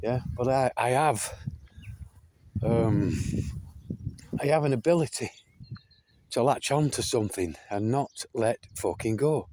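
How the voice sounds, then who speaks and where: A man's voice: medium pitch, a little slow, pauses often, noisy background. An older man delivering an emphatic, profanity-heavy rant to his viewers, repeating himself and calling them folks. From United Kingdom. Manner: heavy swearing, keeps addressing listeners as folks; repetitive, emphatic, restarts. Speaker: video blogger. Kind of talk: ranting monologue to camera.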